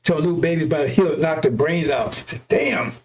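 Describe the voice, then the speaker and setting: With a crowd audible behind him, a man with a voice on the high side preaches fast in a heated, profane, unscripted monologue. He repeats himself often and keeps asking "right?" or "see?"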